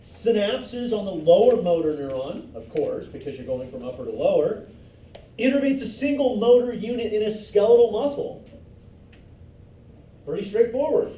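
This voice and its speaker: A man's voice: high voice, animated, moderate pace, mellow. A male instructor giving a classroom lecture, loose and joking with his students. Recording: echoey classroom from far off, faint noise.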